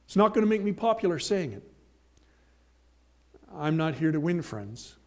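A man preaching a sermon, emphatic, slowing and swelling on key phrases, with folksy asides and homely examples. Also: fairly high pitch, big pitch swings. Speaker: pastor.

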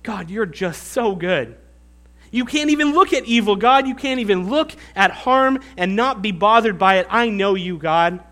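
A man voicing an ancient prophet who flatters God with heavy sarcasm. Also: very high voice, rapid-fire, hardly any pauses, pitched above the performer's own voice, heavily acted. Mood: sarcastic.

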